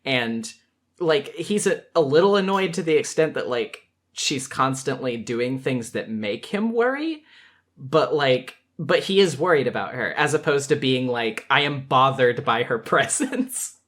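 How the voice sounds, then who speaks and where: A man hosting a casual chat, talking animatedly, laughing often and jumping up in pitch to act out quoted lines. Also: animated, measured pace, fairly bright tone. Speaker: podcast host.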